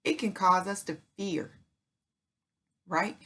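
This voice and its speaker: A middle-aged woman, host of her own channel, speaks slowly in a mid-range voice that is pushed and bright, with fairly even intonation. She gives an emphatic, preacher-like motivational talk on faith in folksy speech full of "y'all" and "ain't," repeating herself and checking in with "right?" and "okay?"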